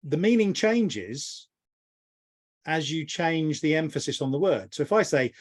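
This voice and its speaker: Speaking at a normal speed in a higher, animated voice, a middle-aged business mentor offers a reflective interview response. It's rambling and considered, and he often starts his thoughts over.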